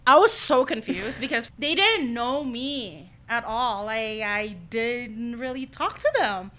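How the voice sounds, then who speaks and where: A woman's voice: on the high side, lively intonation, slow pace, pushed and bright. A young woman co-hosting a podcast, casually telling a story about a friend and acting out what people said. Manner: storytelling, quotes others in her tales. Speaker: podcast co-host. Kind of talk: casual chat.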